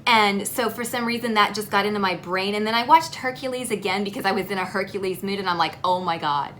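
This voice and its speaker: A woman's voice: mid-range voice, fast, a bit bright, a little hiss or hum. A young adult woman hosting a casual haul video, playful and self-mocking, with the odd swear. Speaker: beauty vlogger.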